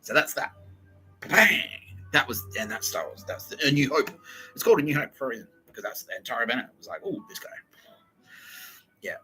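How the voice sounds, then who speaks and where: A man's voice: mid-range voice, lively intonation, fast, sharp tone, faint music behind, rough recording. A man hosting a podcast, telling a rambling, profane comic story with frequent laughs. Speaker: podcast host. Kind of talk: rambling comedic monologue.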